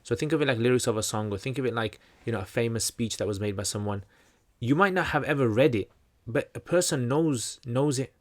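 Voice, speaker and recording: A man's voice: mid-range voice, brisk, hardly any pauses. A man hosting a livestream Q&A, teaching in a loose, conversational way, full of fillers and restarts. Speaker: channel host answering questions.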